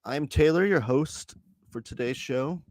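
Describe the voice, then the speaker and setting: A man in his thirties hosting a live stream from home, chatting casually and reading out viewer comments in a relaxed, rambling way. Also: a little high, a little slow, no room sound, studio quality. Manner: relaxed, rambling, reads chat messages aloud. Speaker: host. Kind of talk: casual livestream chat.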